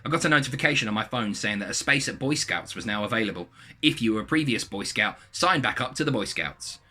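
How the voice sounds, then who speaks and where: A man reading a submitted story aloud in a lively, animated way. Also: fairly low pitch, fast.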